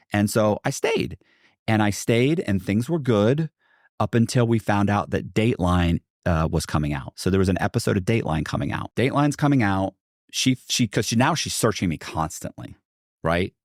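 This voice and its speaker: A man's voice: on the low side, sing-song, moderate pace, darkish tone, no room sound, clean studio sound. A middle-aged American man, a podcast guest, telling a long story in a rambling way with many restarts and asides. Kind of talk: casual storytelling.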